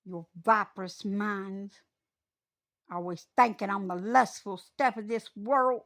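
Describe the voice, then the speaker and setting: A woman delivering a stern, scolding preaching monologue that rises into loud, fiery preaching. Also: mid-range voice, fairly even intonation, slow.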